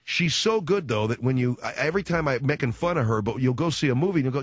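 A man's voice: a little high, big pitch swings, fast, hardly any pauses, fairly bright tone, slightly rough, no room sound, muffled recording. A man hosting a radio show, ranting sarcastically and rambling from one showbiz jab to the next. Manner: sarcastic, rambling, riffing with impressions. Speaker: radio host. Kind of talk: comedic talk radio rant.

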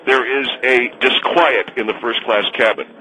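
A man's voice: mid-range voice, fairly even intonation, normal speed, bright, forceful tone, close to an everyday voice, low-quality recording. A man playing a pompous, bigoted guest on a comedy radio show who brags about flying first class. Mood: smug. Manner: pompous, smug. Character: pompous bigoted first-class flyer, male, middle-aged.

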